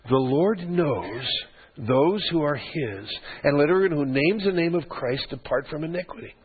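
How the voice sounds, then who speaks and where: An older man serves as pastor, delivering an expository sermon that teaches from scripture and drops joking, conversational asides to the congregation. His voice sits on the high side with lively intonation, a moderate pace, and a breathy edge. The audio sounds like a phone-like, lo-fi radio broadcast.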